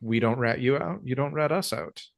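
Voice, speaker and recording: A man playing a tabletop game who talks in halting phrases, hesitant as he works out what to say. His voice stays plain and everyday. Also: mid-range voice, gravelly. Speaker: player. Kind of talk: in-character tabletop play.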